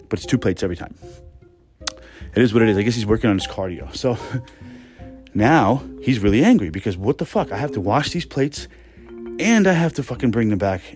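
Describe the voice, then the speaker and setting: A man in his thirties, a podcast host, telling a work story in a casual, animated, profane and sarcastic way, recorded indoors at home. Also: on the low side. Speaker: podcast host, restaurant manager.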